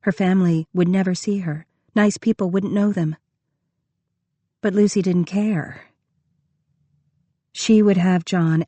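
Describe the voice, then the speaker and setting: A woman narrating an audiobook in a measured, expressive reading. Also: fairly low pitch, no room sound. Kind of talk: scripted narration.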